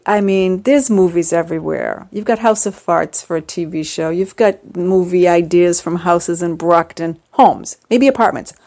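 A middle-aged woman in a rambling, jokey casual monologue, her voice jumping up for emphasis. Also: darkish tone. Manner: rambling, jokey, with sudden rises in pitch for emphasis. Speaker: vlogger.

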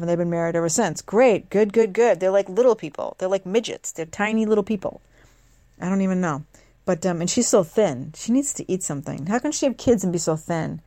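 A woman hosting a casual talk show, rambling and sarcastic with quick asides. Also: lowish voice, a little mellow, no room sound. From northeastern United States. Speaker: host. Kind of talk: casual chat.

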